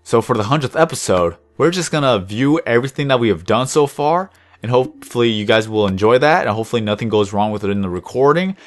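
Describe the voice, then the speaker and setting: A young man rambling through casual commentary over his gameplay video, deliberately lifting his voice above his natural low tone. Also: expressive. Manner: rambling, chatty, self-reflective. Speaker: gaming channel host.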